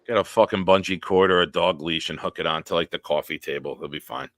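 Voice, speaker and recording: A man hosting a casual live-stream chat, telling stories and acting out other people's lines loudly. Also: sits low, fast, no room sound, studio quality. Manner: animated storyteller, acts out quotes loudly. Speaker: podcast host.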